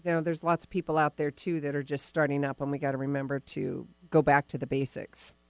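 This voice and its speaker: A woman's voice: low voice, fairly even intonation, a little fast, no echo. Bubbly woman hosting a spiritual radio show. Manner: bubbly, enthusiastic, laughs often. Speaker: radio show host and psychic reader. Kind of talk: casual spiritual talk radio chat. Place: radio studio. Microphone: studio microphone.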